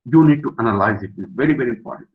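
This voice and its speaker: A man's voice: mid-range voice, lively intonation, rapid-fire. Older man lecturing emphatically. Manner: emphatic, repeats key words, asks the audience questions. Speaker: professor giving a webinar lecture. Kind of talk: lecture to students. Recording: dull lo-fi webinar audio.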